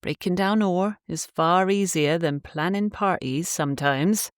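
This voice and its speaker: A woman's voice: lowish voice, measured pace, smooth, no echo, clean studio sound, pitched above the performer's own voice, natural voice. A woman voicing a cheerful, affectionate young Cornish wife in an audiobook, speaking in a lilting dialect. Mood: fond.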